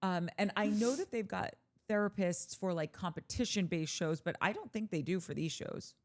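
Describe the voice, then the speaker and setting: A woman co-hosting a casual chat show, reading listener comments aloud with quick animated asides. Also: mid-range voice. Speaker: podcast co-host.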